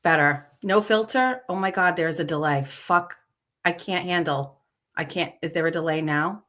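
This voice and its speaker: A woman's voice: on the low side, normal speed, pushed and bright. A woman hosting a livestream in casual chat, flustered and talking to herself while she fixes her stream settings live. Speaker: show host.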